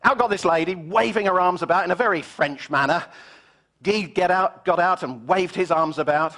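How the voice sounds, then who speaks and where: A British man giving a motivational business keynote, telling stories with animated, punchy emphasis. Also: high voice, normal speed, long reverb tail. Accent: British English. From Britain.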